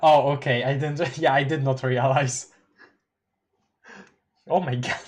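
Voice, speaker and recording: A streamer reading a webcomic live and talking through the reactions. The talk is casual and chatty, with frequent laughter and quick asides. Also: medium pitch, steady tone. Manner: chatty and giggly, reacting aloud.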